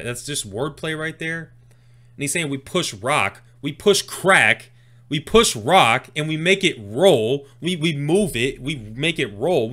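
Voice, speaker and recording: A man hosting a music reaction video, excitedly explaining rap lyrics line by line in casual talk. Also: medium pitch.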